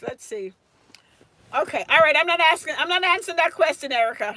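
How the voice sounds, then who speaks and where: A woman's voice: high voice, lively intonation, normal speed, a bit bright, dry recording. A woman tutoring nursing students on a casual live stream, chatting and answering viewers' comments by name.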